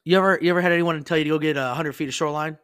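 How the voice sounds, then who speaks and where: A man's voice: a little high, fairly even intonation, racing, fairly bright tone, smooth, no room sound. Guy rambling thru swear-heavy stories on a podcast, dry close sound, laughs a lot. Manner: profane, rambling, laughs often. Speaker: podcast host. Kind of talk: casual storytelling chat.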